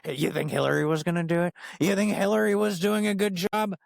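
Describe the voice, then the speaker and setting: A brash, defiant president figure, as a comedian puts him on leans on "folks" and "believe me" in a quick, boasting patter. The sound is dry and close, with no room around it. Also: male voice, high voice, little pitch movement, gravelly, no room sound.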